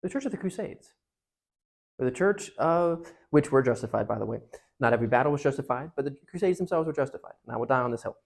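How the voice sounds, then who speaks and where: A young man giving a youth talk at a parish, emphatic and joking, jumping between loud outbursts and hushed asides. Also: mid-range voice, animated, quick pace, vocal fry. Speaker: parish speaker.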